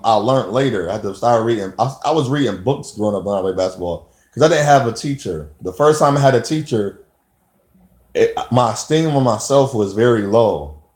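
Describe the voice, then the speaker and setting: A man's voice: mid-range voice, moderate pace, a little mellow. A man vlogging in a casual, rambling monologue, acting out quoted back-and-forth exchanges in his own voice. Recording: echoey room.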